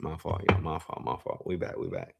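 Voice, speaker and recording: A young man streaming live, telling a story to his chat in an animated, slangy, profane way and reading the chat aloud. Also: low voice, a little fast, gravelly, slightly rough.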